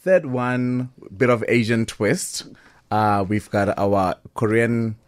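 A man's voice: lowish voice, slow pace. A South African man, a chef, talking easily in a radio studio interview and mixing in Setswana phrases. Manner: easygoing, mixes in Setswana phrases.

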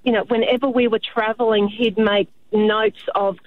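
Caller: mother, chatty and halting, fairly high voice, tinny phone line. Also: level tone, dry recording. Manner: chatty, hesitant storyteller. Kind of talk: phone-in storytelling.

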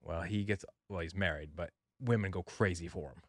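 A man's voice: deep voice, brisk, fairly bright tone, dry recording. A man co-hosting a casual talk show, joking, laughing often and restarting his sentences. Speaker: co-host. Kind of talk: casual banter.

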